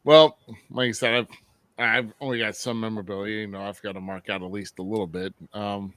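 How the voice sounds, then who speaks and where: A man's voice: on the low side, fairly even intonation, brisk, a bit bright, no echo. A man hosting a podcast, chatting casually from his home studio and laughing often. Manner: laughs often, brief responses. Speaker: podcast host. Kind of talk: casual chat. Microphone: home studio mic.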